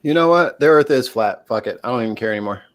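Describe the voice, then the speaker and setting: A man's voice: medium pitch, expressive, quick pace, no room sound. A man co-hosting a casual group chat, joking and sarcastic. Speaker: co-host.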